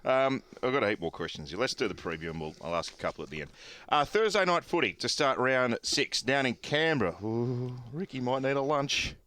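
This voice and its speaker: Aussie guy host, medium voice, easy chatty questions and quick reactions. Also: mid-range voice, animated, pushed and bright. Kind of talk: casual chat.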